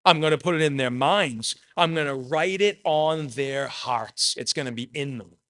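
A man's voice: fairly high pitch, moderate pace, a bit bright, dry recording. A man preaching a sermon, earnest and personal, repeating phrases for emphasis. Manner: shares personal testimony.

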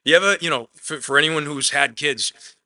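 A man preaching a conversational sermon, swinging between emphatic loud lines and quiet asides, often dropping "man" into his talk. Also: a little high, normal speed. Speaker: pastor.

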